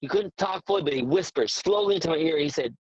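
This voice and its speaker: Man in his forties, boxing trainer, eager storyteller, a bit high-pitched, dry and dull lo-fi sound. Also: fast, no echo. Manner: earnest, excitable storyteller who repeats words. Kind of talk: casual interview storytelling.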